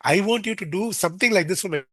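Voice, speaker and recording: A man's voice: high-pitched, fast, sharp tone, no echo. A man with an Indian accent, a podcast guest telling a long anecdote, often acting out the words of the people in it. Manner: rambling anecdotes, acting out others' quoted words. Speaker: podcast guest, senior care expert. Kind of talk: storytelling in a podcast interview.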